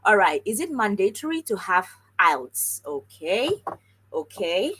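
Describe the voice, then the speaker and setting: A woman's voice: medium pitch, unhurried, breathy edge, poor audio. A woman hosting a casual live stream about scholarships, chatting with viewers and reading their comments out. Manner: chatty, animated, talks straight to viewers and reads comments aloud. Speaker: livestream host on scholarships.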